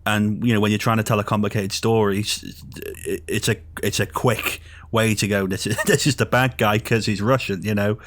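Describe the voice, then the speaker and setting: A man co-hosting a film review podcast, chatting casually in a measured, agreeable way. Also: on the low side, steady tone, a bit bright. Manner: agreeable, measured, adds short remarks. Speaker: podcast co-host.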